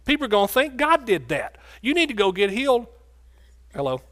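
A man's voice: very high voice, very animated, brisk, fairly bright tone, pitched above the performer's own voice, full character voice. A man playing a pompous, indignant male synagogue ruler who scolds in a self-righteous way.

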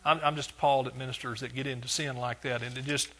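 A man's voice: medium pitch, little pitch movement, quick pace, sharp tone. A male pastor preaching a conversational sermon, asking his congregation rhetorical questions.

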